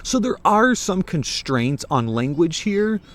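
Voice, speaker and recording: Animated, chatty American man. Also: high voice, takes it slowly. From United States. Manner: animated, chatty, rambling with restarts. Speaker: book reviewer. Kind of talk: casual talk to camera.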